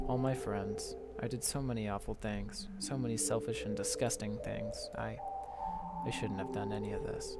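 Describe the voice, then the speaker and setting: A man's voice: fairly low pitch, vocal fry. A man reading aloud the lines of a heartbroken teenage girl character from a game, with pleading, wounded emphasis.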